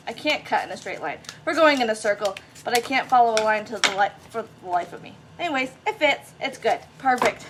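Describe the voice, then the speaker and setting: High-voiced chatty woman doing crafts. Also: lively intonation, brisk, a bit bright, slight background noise. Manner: chatty, self-deprecating, talks to viewers as guys. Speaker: craft vlogger. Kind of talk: casual crafting tutorial.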